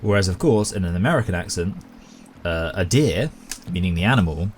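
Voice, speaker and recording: Deep-voiced rambling British man. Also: animated, brisk, a little hiss or hum. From Britain. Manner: rambling, long-winded and self-aware. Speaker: gaming YouTuber. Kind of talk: casual commentary while gaming.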